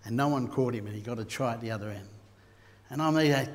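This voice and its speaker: An Australian man preaching a sermon, telling stories and rising to loud bursts. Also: mid-range voice, brisk. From Queensland, Australia. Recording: long hall reverb.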